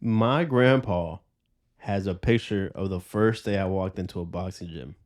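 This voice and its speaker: A young man in his twenties chats on a podcast with a slightly low voice. He rambles through his stories in a loose, easygoing way and curses often. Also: measured pace, a little mellow. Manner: loose storytelling with heavy cursing. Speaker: podcast host. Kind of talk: casual chat.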